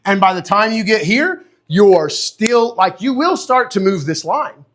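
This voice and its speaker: A man with a high-pitched voice teaches dog training live online. He talks in an animated, chatty way, keeps checking in with "okay?" and "right?", and answers viewers by name. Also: measured pace. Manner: replies to viewers' comments by name.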